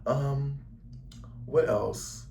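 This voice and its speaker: A young American man rambles extremely slowly to camera in a travel vlog shot indoors at his Paris lodging, full of slang and "like". His medium-pitched voice is steady, gravelly and a little mellow, recorded far from the mic with slight hiss or hum.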